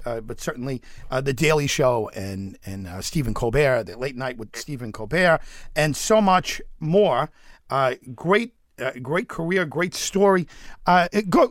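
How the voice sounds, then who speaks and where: A man hosting an interview with a slightly high, eager voice. He chats casually and promotes events. The sound is dry and close to the mic. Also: no echo. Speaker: interview show host.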